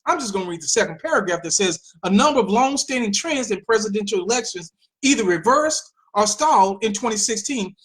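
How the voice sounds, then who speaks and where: A woman hosting a political commentary show, talking in an animated way with mocking asides and repeated phrases. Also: mid-range voice. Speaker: host.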